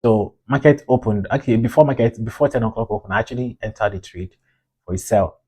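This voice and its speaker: A man's voice: on the low side, quick pace, mellow, slightly rough. A man reviewing his own trades in a casual, rambling way, frustrated and scolding himself for his mistakes.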